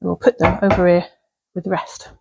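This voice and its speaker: A woman's voice: on the low side, little pitch movement, brisk, vocal fry, background noise. A woman chatting casually while baking in her cottage kitchen, rambling along with fillers and little laughs. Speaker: vlogger baking at home. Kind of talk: casual cooking vlog chat.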